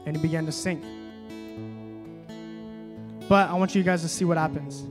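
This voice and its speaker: Young man preaching over soft guitar. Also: high-pitched, a little slow, pauses often. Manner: swings from soft reading to loud emphatic preaching; casual, many fillers when telling stories. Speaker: young adults pastor. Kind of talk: sermon.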